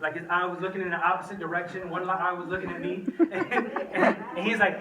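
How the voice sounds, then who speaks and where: A young man tells a slangy, animated story to a youth group, recorded in an echoey room from a distance. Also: sits high, fast, hardly any pauses. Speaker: youth speaker. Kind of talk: storytelling talk to teens. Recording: echoey room, from the mic, faint noise.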